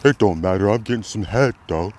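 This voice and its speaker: A man's voice: lowish voice, animated, brisk, darkish tone, a little hiss or hum, natural voice. A man putting on the voice of a boastful young man who brags about women and brushes everything off. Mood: smug bragging. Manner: careless, smug, dismissive.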